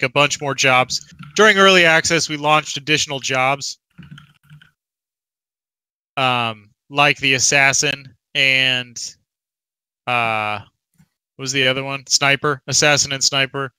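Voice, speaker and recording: A man guesting as a game developer, eager and explanatory, with a very bright, crisp, smooth voice. The sound is close and dry, with little room. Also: medium pitch, fairly even intonation, measured pace, pauses often, dry recording, low-quality recording. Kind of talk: casual interview talk. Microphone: online voice call.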